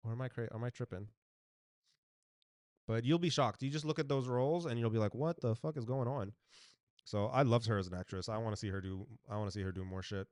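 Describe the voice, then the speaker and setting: A man co-hosting a casual podcast chat, blunt and profane, swinging from loud outbursts to mumbled asides. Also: lowish voice, fast talker, dry recording, studio quality. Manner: blunt, swears freely, jumps between loud bursts and mumbled asides. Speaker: podcast co-host.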